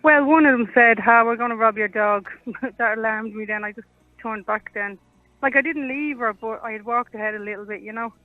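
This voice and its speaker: A woman's voice: a little high, a little fast, no echo. A woman calling in to a radio show and telling her story in a chatty way. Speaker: caller. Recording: tinny phone line.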